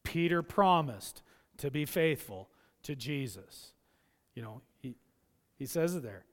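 A man's voice: mid-range voice, animated, slow pace. A man preaching a sermon as a pastor, impassioned, often acting out the voices he quotes. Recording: long hall reverb.

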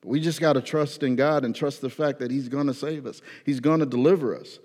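A man preaching a sermon in a casual, animated way, with slang and acted-out prayers. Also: medium pitch, brisk. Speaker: pastor. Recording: long hall reverb.

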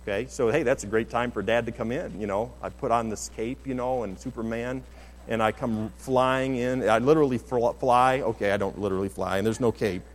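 A man's voice: mid-range voice, steady tone, brisk, slight background noise. A middle-aged man preaching a sermon as pastor, in an earnest, conversational way with many restarts. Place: church sanctuary. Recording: long hall reverb.

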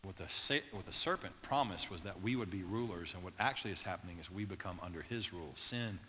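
Bright-voiced man preaching in a hall. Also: low-pitched, fast, a little hiss or hum. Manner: animated, playful asides early, turning quiet and earnest. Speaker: pastor. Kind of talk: sermon. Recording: reverberant hall.

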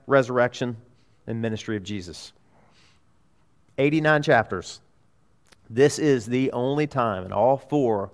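A man preaching a sermon as a pastor in a church, emphatic, repeating key phrases and swinging between loud urgency and hushed tones. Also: mid-range voice.

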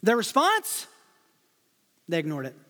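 Male pastor, high-pitched, dynamic sermon delivery, church hall reverb. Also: wildly swooping pitch, measured pace. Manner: dynamic, swings from loud rhetorical questions to hushed asides. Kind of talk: expository sermon.

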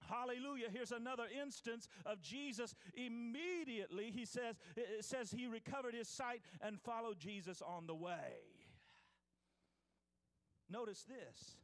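A man's voice: very high voice, moderate pace, fairly bright tone, in a large hall. A man preaching a sermon as pastor, reading scripture aloud with restarts and calling out to his congregation.

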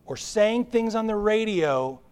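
Guy preaching in a lively chatty way, fairly high voice, sounding. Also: unhurried, smooth. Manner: animated, conversational preaching with acted-out crowd voices. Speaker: pastor. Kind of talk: sermon.

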